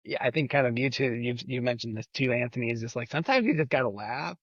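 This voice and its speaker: A man's voice: mid-range voice, lively intonation, fast talker, breathy edge, dry recording, dull audio. A man chatting as a podcast guest, rambling and leaning on repeated filler phrases. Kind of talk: casual chat.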